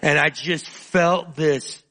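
A male preacher giving a sermon in an emotional, confessional way, often breaking into drawn-out spoken prayer. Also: fairly high pitch, fairly even intonation, pushed and bright. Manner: emotional and confessional, praying aloud in drawn-out phrases.

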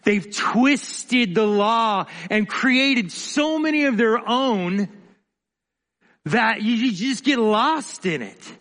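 Slow high-voiced preacher guy, bright tone, hall echo, goes quiet then loud. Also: lively intonation. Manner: dramatic, swings from loud to quiet. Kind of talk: sermon.

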